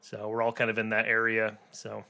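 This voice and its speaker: A man from the Netherlands, co-hosting a film podcast in loose casual chat, blunt and quick to laugh. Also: on the low side, monotone, gravelly, sharp tone. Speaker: podcast co-host.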